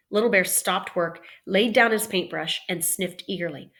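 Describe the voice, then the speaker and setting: A woman's voice: mid-range voice, normal speed, a bit bright. A woman teacher reading a novel aloud expressively, with playful teaching asides. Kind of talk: read-aloud storytelling.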